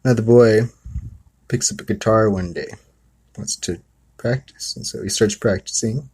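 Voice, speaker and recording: The host of a spiritual talk rambles casually through a story, full of asides such as "you know" and "okay." His voice is lowish, unhurried, husky, and darkish in tone.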